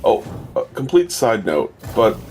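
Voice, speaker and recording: A man on voice chat with friends, relaxed and asking offhand questions about a game. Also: medium pitch, a little slow, soft background music. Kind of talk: casual gaming chat.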